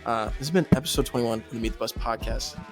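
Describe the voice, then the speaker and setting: A man's voice: medium pitch, quick pace, over loud music. A young man hosting a podcast, chatting casually and upbeat, laughing often and swearing now and then. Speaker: podcast host. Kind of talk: casual chat.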